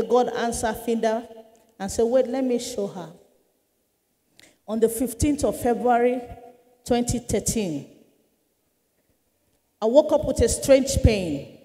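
A woman's voice: fairly high pitch, warm tone, in a large hall. Woman evangelist giving testimony. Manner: earnest storytelling, dramatic shifts. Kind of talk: testimony sermon.

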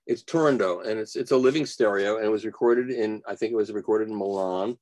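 A man with a fairly low, darkish voice speaks a little fast as a guest audio reviewer in a casual interview. He tells rambling stories and often restarts his sentences.

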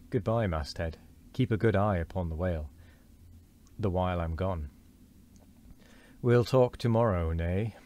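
A grim old sea captain speaks in slow, archaic, brooding lines, read aloud by a man. The voice sits very deep and steady. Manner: archaic solemn declamation.

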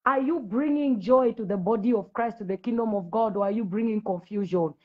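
Speaking a little fast at medium pitch, this Zambian woman preaches confrontationally and repetitively to the audience of her live video. She is an adult with school-age children. The sound is phone quality.

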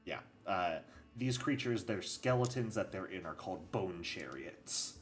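A man narrates a tabletop game as its game master, gleeful and teasing. His voice sits low but swoops about with lively pitch. Faint music plays underneath. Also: a little slow.

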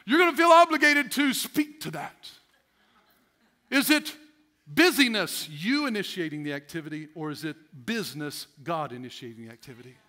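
Male pastor, sermon, very high pitch, animated, acts out voices. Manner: animated, laughing, acts out voices of stressed people. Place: church sanctuary.

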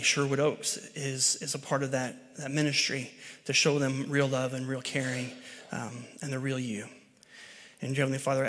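A man leads the congregation in an earnest, halting prayer, pausing on fillers. His voice stays flat and even at a middle pitch. The sound rings through a large church hall. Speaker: church leader leading prayer. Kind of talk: spoken prayer. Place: church sanctuary.

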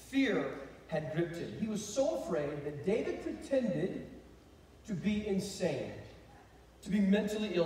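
A male pastor preaching an animated sermon, repeating phrases and calling for responses from the congregation. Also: sits high, a little hiss or hum. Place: church sanctuary. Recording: echoey hall recorded from far off.

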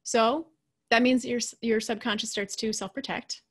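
A woman's voice: fairly high pitch, moderate pace, breathy edge. Chatty woman coach giving a lecture. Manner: animated, chatty, acts out quoted voices; often adds "right?". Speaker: leadership coach and speaker. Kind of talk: casual lecture.

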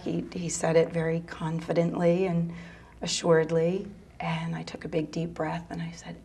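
A middle-aged mother telling a personal story in an interview, soft-spoken and halting, sometimes dropping to a near whisper. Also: fairly low pitch, completely flat delivery, creaky, slightly rough. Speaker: mother of a gay teen son; interview guest.

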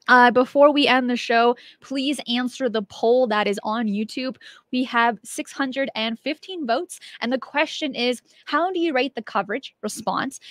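Female stream host, higher voice, dry close sound, eager and conversational. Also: fairly bright tone, dry recording. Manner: enthusiastic, chatty. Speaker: show host. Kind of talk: casual live-stream chat.

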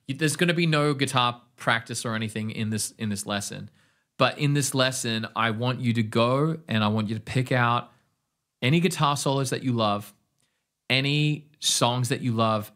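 A man's voice: medium pitch, fairly bright tone. A man with an Australian accent teaching an online guitar lesson, talking enthusiastically and rambling. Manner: enthusiastic, rambling, scats rhythms aloud. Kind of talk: casual online music lesson.

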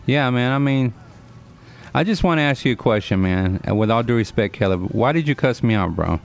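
A man's voice: mid-range voice, expressive, fairly quick, gravelly, faint music behind. A man in his forties chatting earnestly to his live-stream audience, lecturing and repeating himself as he answers viewers by name. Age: 40s. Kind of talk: casual live-stream chat.

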